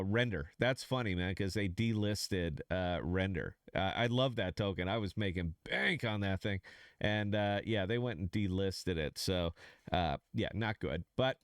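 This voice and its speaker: A man with a smooth, clear and slightly low voice, recorded dry and close. He rambles loosely through a casual solo commentary, full of uhs and restarts, and laughs off his own mistakes. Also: dry recording. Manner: candid, self-mocking about losses. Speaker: crypto trading podcast host.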